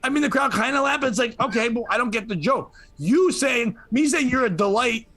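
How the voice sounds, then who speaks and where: Man, podcast host, joking, laughs a lot, high-pitched, bright tone. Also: animated, fairly quick. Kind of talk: casual podcast chat.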